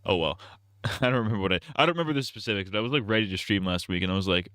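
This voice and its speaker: A male streamer chatting casually over gameplay, rambling from joke to joke and laughing often. His voice sits low. The sound is dry and close on a desk mic. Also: very fast, fairly bright tone, dry recording. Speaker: streamer, host.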